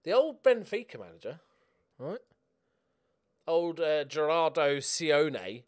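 A man giving casual, excitable commentary while he plays a football management game at home, swearing and cheering at the match. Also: a little high, slow pace. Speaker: gaming YouTuber. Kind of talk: casual let's-play commentary.

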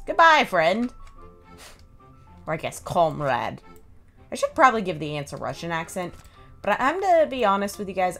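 A woman's voice: mid-range voice, a bit bright. A woman giving casual, chatty commentary while playing a video game, thinking aloud and laughing often. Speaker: gameplay streamer.

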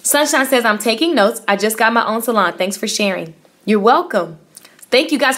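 An upbeat woman in her thirties hosts a live stream, her voice sitting a little high. She reads viewer comments aloud and cheers each one on, warm in her words and direct with her audience, talking casually as a business coach for hair stylists. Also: expressive, normal speed. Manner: upbeat, encouraging, effusive, talks to viewers directly.

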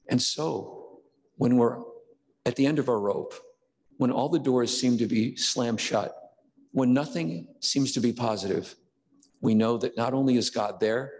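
An older man giving a conversational sermon as pastor, now and then acting out quoted voices. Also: medium pitch. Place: church sanctuary. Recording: long church reverb.

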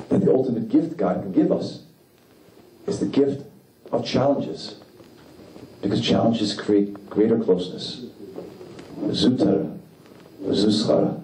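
A man giving a sermon as a rabbi, delivering it with impassioned emphasis and climbing pitch on key lines. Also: warm tone, a little hiss or hum. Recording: echoey room, mic at a distance, faint background.

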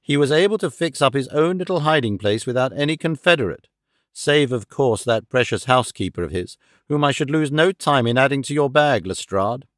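A man voicing a calm, clever detective with an amused, theatrical manner, in an audiobook reading. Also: mid-range voice, brisk, dry recording, studio quality, lightly acted.

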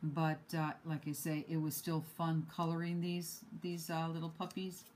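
A woman showing her handmade cards at home in an unhurried, self-deprecating way, with many ums and uhs. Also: deep voice, completely flat delivery, a little mellow, a little hiss or hum, rough recording. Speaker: card-making hobby vlogger. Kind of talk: casual show-and-tell craft demo.

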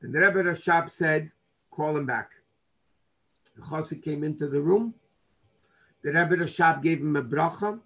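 A man's voice: on the high side, creaky, bright, forceful tone, breathy edge, rough recording. A man, a rabbi, teaching a Torah class through earnest storytelling, dropping in Hebrew and Yiddish terms.

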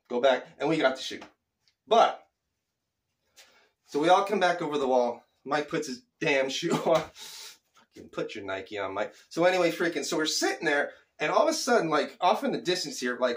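A middle-aged man from Phoenix, Arizona, telling a childhood story casually, animated and chuckling, with loose slang. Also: a little high, normal speed.

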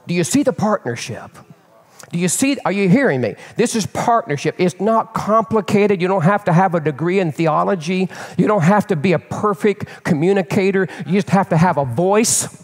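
Animated older pastor, echoing church hall. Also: male voice, high-pitched, moderate pace. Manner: animated, candid, repeats words while building. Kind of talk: storytelling sermon. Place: church sanctuary. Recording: long reverb of a church hall.

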